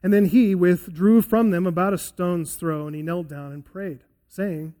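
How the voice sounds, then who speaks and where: A male pastor preaching a sermon in a church and closing in prayer, earnest, falling to a hushed, soft tone as he prays. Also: high-pitched, steady tone, normal speed, few pauses.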